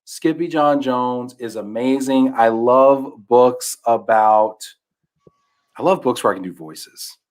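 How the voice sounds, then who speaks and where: A man's voice: medium pitch, slow pace. A man on a podcast, animatedly retelling a children's book, whose voice often drops to a mumble. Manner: animated storyteller, trails off into mumbles. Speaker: podcast guest. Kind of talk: casual chat.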